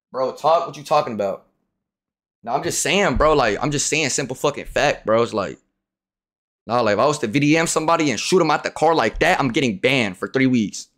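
A young man streaming a game, ranting in a profane, casual way that swings from loud outbursts to low muttering. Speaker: livestreamer. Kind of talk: casual gameplay commentary.

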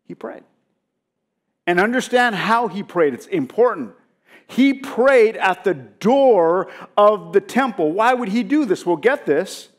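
A man's voice: sits high, animated, takes it slowly. A male pastor giving a sermon, preaching with emphasis and often putting rhetorical questions to his congregation.

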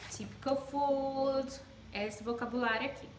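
A woman's voice: sits high, steady tone. Bilingual Brazilian teacher woman, echoey room. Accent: Brazilian Portuguese. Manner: explains slowly, switching between Portuguese and English. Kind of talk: bilingual classroom lesson. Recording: echoey room with clear background noise.

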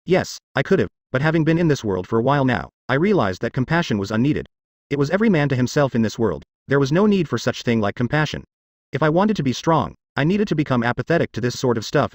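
A male audiobook narrator reads a first-person fantasy story as a wry, sardonic inner monologue. His pitch moves a lot from line to line. The recording is dry and close, with no room sound. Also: no room sound.

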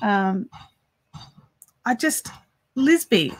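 A woman chats on a live stream while she crochets. Her voice is bright and a little high, and she talks straight to the viewers as she reads their comments out. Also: animated, unhurried. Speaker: crochet livestream host.

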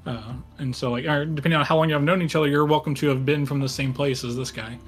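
Man, game master, higher voice, rambling setup. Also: fairly even intonation, fast, slightly rough, soft background music. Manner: rambling, filler-heavy. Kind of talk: setting up a one-shot game.

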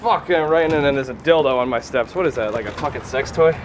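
A man's voice: mid-range voice, fast talker, noisy background. A young man vlogging casually on a city street, joking and swearing, recorded on a handheld camera mic. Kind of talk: casual vlog chat. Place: outdoors on a New York street.

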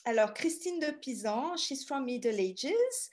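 A middle-aged woman from France with a French accent, giving a chatty, halting talk as a guest speaker over a video call. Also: sits high, big pitch swings, darkish tone. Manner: chatty, halting, many restarts. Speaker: guest speaker, tour guide.

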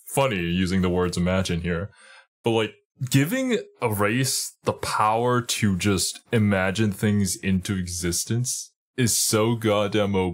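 A man streaming a reaction video, chatting casually and laughing often in an easygoing way. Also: on the low side.

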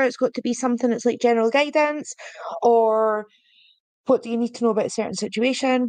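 A woman's voice: a little high, darkish tone, no room sound. A young woman hosting a live stream, chatting playfully with viewers, giggling, and reading oracle cards aloud. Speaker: podcast host doing oracle card readings.

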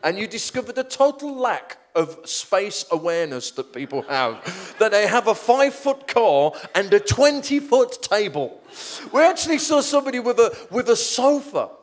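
A middle-aged man, preaching in a storytelling sermon, animated and self-deprecating, rambling with restarts. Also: high-pitched.

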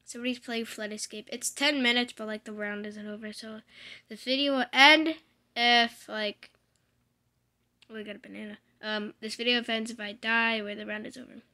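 A young woman giving casual, rambling commentary while playing a video game, playful with loud excited outbursts. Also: fairly high pitch, normal speed. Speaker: gamer. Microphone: desk microphone.

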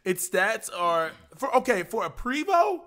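A young man co-hosting a podcast, excitable and swearing heavily, with frequent laughter. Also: sits high, a little slow. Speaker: podcast co-host. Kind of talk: casual chat.

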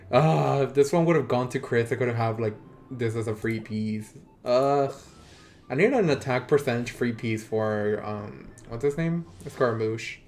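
A man's voice: medium pitch, lively intonation, a little mellow, slight background noise. A man from Mexico with a Mexican accent, chatting casually and teasingly with viewers while streaming a game. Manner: playful, teasing banter with viewers, quick laughs, swearing. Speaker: live streamer. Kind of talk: casual gaming live-stream chat.

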